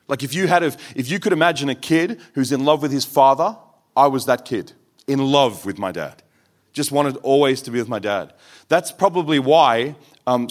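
Male preacher, mid-pitched, earnest testimony-style delivery with acted quotes. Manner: earnest storytelling with quoted voices. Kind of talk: sermon testimony.

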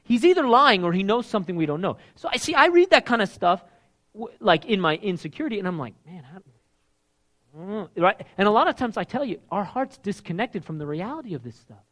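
A middle-aged man preaching a sermon in an animated, emphatic way, his energy rising as he goes. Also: high voice, fairly quick. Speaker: pastor.

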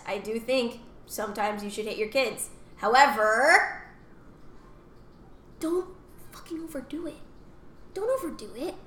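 A young woman telling stories in casual podcast chat, acting out other voices and dropping into whispered asides. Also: on the high side. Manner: animated storytelling, acts out voices, drops to whispers. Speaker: podcast co-host. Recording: echoey room with faint ambient noise.

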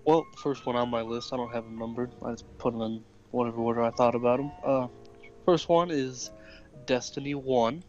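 A man from Texas, a podcast guest, talking casually and haltingly about games. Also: mid-range voice, fairly even intonation, a little mellow, highs cut off, faint music behind.

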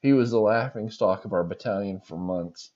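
A man's voice: lowish voice, normal speed, a little mellow, highs cut off. A man hosting a podcast, reading funny stories aloud and reacting with laughs between them.

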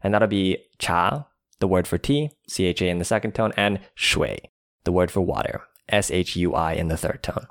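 A man's voice: sits low, a little fast, hardly any pauses, no room sound, studio quality. A man co-hosting a language lesson, explaining vocabulary plainly and spelling each word out.

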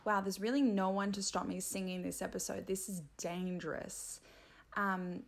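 An Australian woman runs a comedy podcast by herself, rambling playfully and poking fun at herself. Her gravelly voice sits at medium pitch with a level tone and normal speed.

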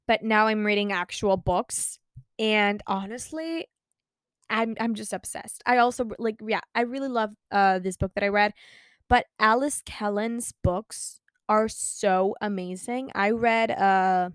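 A sixteen-year-old girl from Spain, chatting casually as a podcast host, gushing and excitable and swearing freely. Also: mid-range voice, measured pace, clean tone, no echo. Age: teens. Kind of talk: casual chat.

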